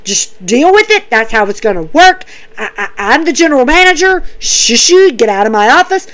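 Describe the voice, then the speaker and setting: A woman's voice: high-pitched, big pitch swings, normal speed, fairly bright tone. Woman voicing a stern male general manager. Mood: scolding. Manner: curt, dismissive.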